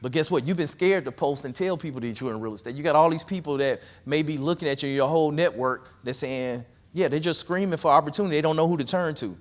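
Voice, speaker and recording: A man's slightly high voice moves at a quick pace with few pauses during a live real estate investing workshop. He is energetic and conversational, coaching the room directly.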